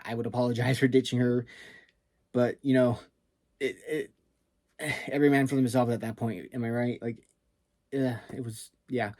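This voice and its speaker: A man tells a personal story straight to the camera, rambling and dropping curses and fillers as he goes. His voice sits at an ordinary middle pitch. The sound is close and very dry, with no room echo. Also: darkish tone. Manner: rambling, lots of fillers and swearing. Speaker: storytime vlogger. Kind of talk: casual storytelling.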